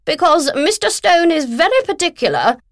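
A woman's voice: very high voice, very animated, normal speed, no echo, clean studio sound, voice pushed up, full character voice. A woman voicing a pushy, overbearing female literary agent who bellows and talks down to people. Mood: brisk, imperious.

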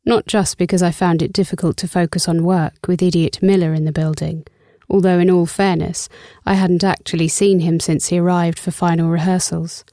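A woman's voice: fairly low pitch, flat delivery, moderate pace, hardly any pauses, mellow, no room sound, studio quality. A young adult woman narrating a first-person story in a wry, sarcastic and profane way. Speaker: audiobook narrator.

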